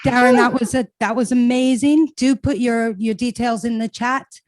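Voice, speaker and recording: A woman hosting an online comedy night, speaking over a video call. Her voice is slightly high and eager, and she stumbles over her words in her excitement. The sound is close and dry, with no room echo. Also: moderate pace. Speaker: event host.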